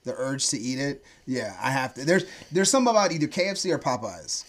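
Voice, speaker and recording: A man's voice: medium pitch, lively intonation, fast talker. A man co-hosting a podcast who prods his friend for stories, teasing him and laughing often. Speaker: podcast co-host. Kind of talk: casual podcast chat.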